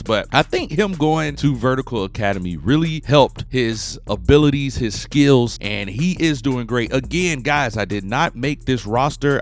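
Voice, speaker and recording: A man doing casual, slang-heavy commentary over a basketball video game, getting loud and singing along with the plays. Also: mid-range voice, vocal fry. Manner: hype, slangy, shouts and sings along with the play. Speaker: gaming YouTuber. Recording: loud game music behind the voice.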